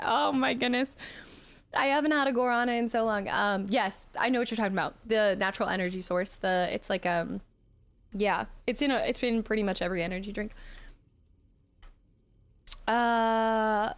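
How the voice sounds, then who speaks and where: A woman streaming a video game, chatting casually with her viewers and answering their comments as she plays. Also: mid-range voice. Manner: chatty, reads and answers chat, animated. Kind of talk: casual live-stream chat while gaming.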